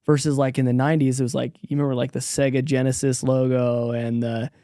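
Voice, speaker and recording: A man hosting a podcast, enthusiastic and quick to agree, chatting casually. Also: medium pitch, flat delivery, warm tone, dry recording, studio quality. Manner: enthusiastic, frequent agreeing interjections. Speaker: podcast host.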